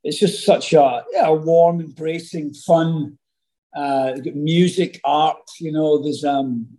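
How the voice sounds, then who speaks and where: A middle-aged Scottish man, an actor guest telling stories in a casual interview, animated and rambling with many fillers and restarts. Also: a little high, slow, low-quality recording. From Scotland.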